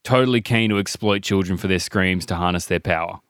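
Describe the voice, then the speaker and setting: A man's voice: low-pitched, fairly quick, a bit bright, clear, resonant tone, dry recording. A man co-hosting a comedy podcast, making dry, wry remarks. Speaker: podcast co-host. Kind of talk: casual comedic podcast chat.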